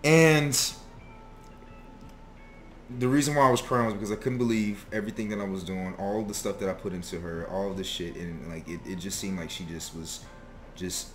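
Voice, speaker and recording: Young man, low-pitched, confessional storytime vlogger, profane and frank. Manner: candid, confessional, profane, emotional. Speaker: vlogger telling a personal story. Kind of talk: casual storytime monologue.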